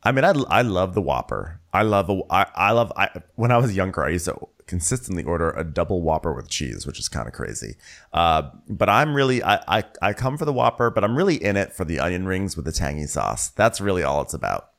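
Deep voiced guy, super lively, cracking up while recapping tv on a video call. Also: fairly quick, gravelly. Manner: animated, laughs a lot, acts out cast members. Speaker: podcast co-host. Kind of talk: casual recap chat. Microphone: remote video call.

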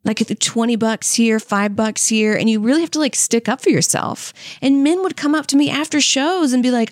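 A woman's voice: a little high, lively intonation, brisk, few pauses, no echo, studio quality. A young woman, a stand-up comic and co-host, telling stories casually. She acts out what people said and laughs often. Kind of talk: casual storytelling.

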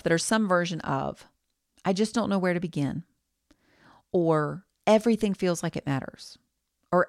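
A woman's voice: deep voice, vocal fry, no echo, clean studio sound. A woman hosting her own podcast, giving a candid, reassuring pep talk. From United States. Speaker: podcast host.

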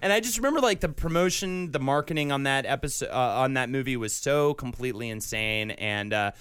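A man's voice: mid-range voice, fairly quick, a bit bright, smooth, no echo. A man co-hosting a podcast in casual chat, laughing often and relishing reading lines aloud. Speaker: podcast co-host.

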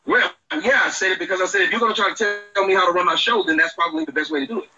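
Defensive, agitated man, very bright high voice. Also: racing, dull audio. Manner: defensive, agitated, talks over others. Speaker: internet show host being called out. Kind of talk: heated argument with a caller.

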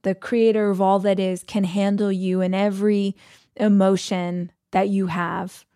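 A woman's voice: medium pitch, little pitch movement, unhurried, dark tone, dry recording, studio quality. A woman hosting a podcast, telling a personal story in a conversational, emotional way with many fillers. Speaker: podcast host.

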